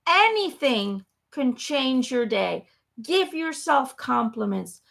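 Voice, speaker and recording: A woman's voice: sits high, sing-song, takes it slowly, gravelly, fairly bright tone. A woman giving a live spiritual talk, emphatic and repetitive, often checking in with "okay?". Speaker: spiritual channeler.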